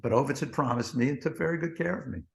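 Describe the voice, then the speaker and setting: A former TV producer, guesting on a podcast, spins rambling, profane backstage anecdotes packed with "he goes" and "blah, blah." His mid-range voice is creaky and quick.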